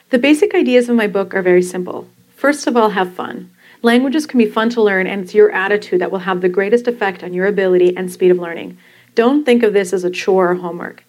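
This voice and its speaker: A woman and podcast host reading from her own book, explaining language learning in a calm, instructive way. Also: medium pitch, low-quality recording. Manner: calm, instructive, demonstrating pronunciation.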